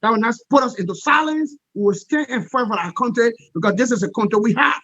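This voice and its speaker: A man giving an impassioned political interview as a guest, forceful and repetitive, often asking "all right?". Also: very high-pitched, quick pace, dry recording, dull audio.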